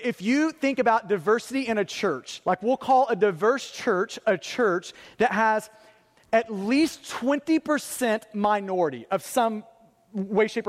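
A man in his thirties delivers a sermon in a high, earnest voice, pressing his points with rhetorical questions and repetition. His words ring out with a long reverb from a large church hall. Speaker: pastor. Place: church sanctuary.

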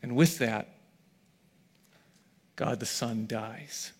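A middle-aged male preacher with a husky, mid-range voice draws out his words during a sermon in a church hall. He alternates between hushed, almost whispered passages and shouted peaks before the congregation.

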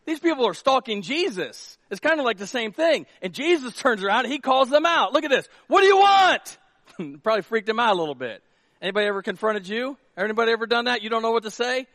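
Male pastor, high voice, lively storytelling sermon, dry close mic. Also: quick pace, no room sound. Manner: animated storytelling, shouts quoted lines.

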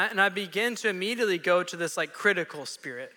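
High bright-voiced pastor in a hall. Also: male voice, quick pace. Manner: animated storytelling with quoted voices. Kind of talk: sermon. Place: church sanctuary. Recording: long reverb of a church hall.

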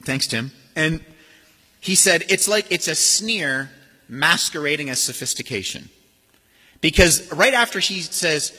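Animated preacher, husky, in a reverberant hall. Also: male voice, a little high, a little slow. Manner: animated, acts out sneering voices. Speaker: pastor. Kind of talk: sermon. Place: church sanctuary.

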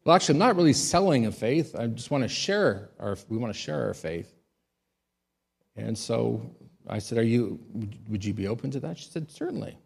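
A man, a pastor, giving a sermon: he tells stories in a quiet voice and rises to loud, emphatic high peaks. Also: lively intonation, normal speed, vocal fry, husky.

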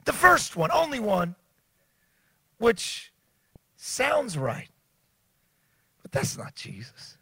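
A man preaching a sermon, animated, often stammering and restarting, sometimes rising to shouts. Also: high-pitched, drawn-out words, vocal fry, long pauses, husky, no echo. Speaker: pastor.

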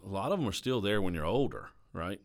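A pastor with a Southern American accent hosts a podcast, speaking earnestly and confessionally in casual conversation and often checking in with a quick question tag. His voice is low-pitched and creaky, with big pitch swings.

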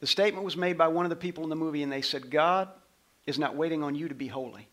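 A middle-aged man, a pastor, preaching a sermon and telling a story, swinging from loud passages to hushed ones. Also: on the high side, fast talker.

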